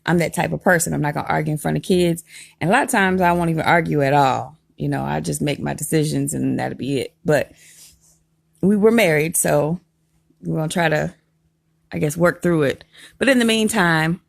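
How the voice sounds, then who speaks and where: Brief: low, gravelly woman, lively emphatic storytime delivery. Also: a little fast, no room sound, studio quality. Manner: animated, emphatic, laughs while telling. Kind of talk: casual storytime vlog.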